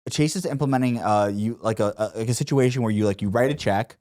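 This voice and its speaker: A man's voice: mid-range voice, fast talker, darkish tone. A young man co-hosting a podcast in casual, joking chat, swearing freely. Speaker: podcast co-host.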